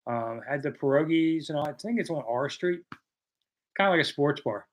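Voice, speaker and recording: A man in his sixties from the American South hosts a casual live chat, reading out viewer questions and answering them with self-deprecating humor. His voice is fairly high-pitched and expressive, and he speaks at a normal speed.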